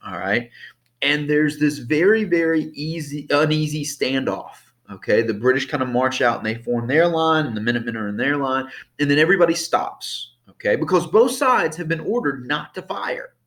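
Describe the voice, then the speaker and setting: A man's voice: mid-range voice, fairly bright tone. A man teaching a history lesson over slides in an easygoing, conversational way, often checking in with the class by asking "okay?" and "all right?".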